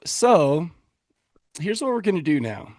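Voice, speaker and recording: A man's voice: fairly high pitch, very animated, a little slow, darkish tone, dry recording, studio quality. A man co-hosting a casual podcast, joking and rambling with frequent restarts. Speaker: podcast co-host. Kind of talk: casual chat.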